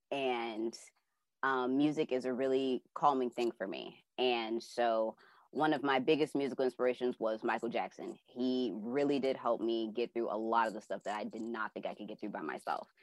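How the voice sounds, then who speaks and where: A woman's voice: a bass voice, moderate pace, no room sound. A young adult woman telling a personal story casually and with animation, acting out her own reactions and using many fillers. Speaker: class participant sharing a dream.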